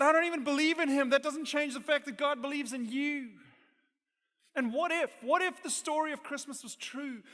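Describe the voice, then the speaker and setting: A man with a South African accent preaching a sermon, earnest and emphatic, rising to strong peaks and dropping to soft asides. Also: very high-pitched. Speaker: pastor. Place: church hall. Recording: hall reverb from a church.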